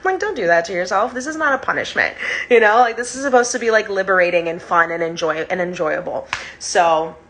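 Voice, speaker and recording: A woman's voice: mid-range voice, fairly quick, a bit bright. A young woman leading a casual live-stream breathwork lesson, bubbly and giggly, saying "like" all the time. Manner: bubbly, giggly, sprinkles "like" constantly. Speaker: breathwork and chakra teacher.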